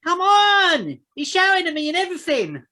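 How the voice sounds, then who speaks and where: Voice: wildly swooping pitch, moderate pace, full character voice. A game master voicing a small, determined boy wrapped in wool, in a tabletop game. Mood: urgent. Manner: shouted, squeaky and urgent.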